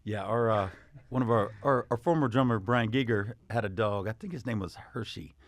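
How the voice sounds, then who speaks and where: A man's voice: lowish voice, a little fast, dry recording. A man from South Carolina, a musician guest speaking in an easygoing, wry manner. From South Carolina, USA. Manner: easygoing, wry, dry humor. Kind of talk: casual interview chat.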